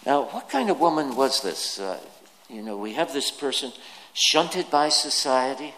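Guy preaching a sermon real slow, asks the crowd stuff, big echoey hall sound. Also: medium pitch, animated, fairly bright tone. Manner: slow and deliberate, asks the listeners questions. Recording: long hall reverb.

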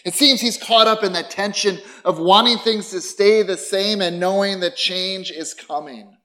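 Expressive middle-aged male pastor preaching. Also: sits high, moderate pace. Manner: conversational and expressive, with rhetorical questions and self-deprecating asides. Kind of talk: sermon.

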